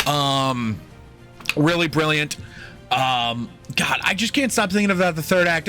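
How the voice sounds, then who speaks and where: A young man's slightly high voice comes across pushed and bright as he co-hosts a film podcast. Reviewing the film, he chats casually in a rambling, jokey manner and swears freely.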